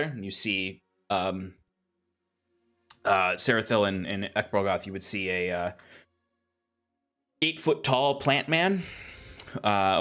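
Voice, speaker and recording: A man's voice: low-pitched, a bit bright. A man narrating as game master of a tabletop game, rambling with fillers and laughter.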